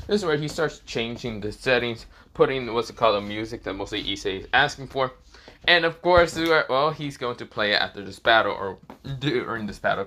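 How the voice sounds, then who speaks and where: A young man narrating an improvised fan story off the cuff, rambling and casual, swearing freely. His voice is bright and clear, and he keeps circling back on the same filler phrases. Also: medium pitch. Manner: rambling, casual, swears, repeats "this is where, well".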